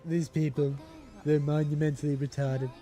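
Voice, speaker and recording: A man's voice: on the high side, little pitch movement, moderate pace, dark tone, soft background music. A man hosting a casual stream, ranting and mocking in a crude, joking way with bursts of laughter. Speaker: streamer host. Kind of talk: casual livestream chat.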